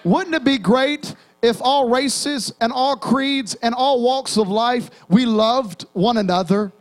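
A young man preaches in a church with a strikingly high voice. He calls out to the congregation and slips into half-sung hymn lines as he goes. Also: takes it slowly. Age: young adult. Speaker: pastor. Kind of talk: sermon. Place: church sanctuary.

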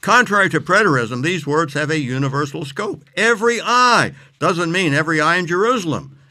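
A man teaching on scripture as an interview guest, speaking emphatically and reading verses slowly. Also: fairly high pitch, expressive, sharp tone.

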